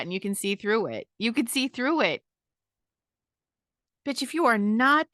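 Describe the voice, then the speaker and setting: A woman's voice: medium pitch, bright, forceful tone, no echo, studio quality. A woman hosting a podcast, talking in a casual, emphatic monologue full of swearing and "okay?" checks. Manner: emphatic, profane, keeps asking "okay?". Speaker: podcast host.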